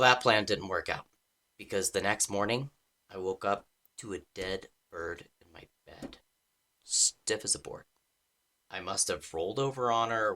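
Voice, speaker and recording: A man's voice: lowish voice, pushed and bright. A man working as a relationship coach, telling a personal story and reading out a letter he wrote to himself, in an earnest way. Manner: earnest, reads his own letter aloud with feeling.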